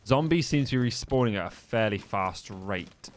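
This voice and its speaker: A man's voice: lowish voice, lively intonation, normal speed, slight background noise. A young man from the English Midlands with a neutral English accent, chatting casually and swearing while streaming a game. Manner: sweary, joking banter with chat. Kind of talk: casual live-stream chat while gaming.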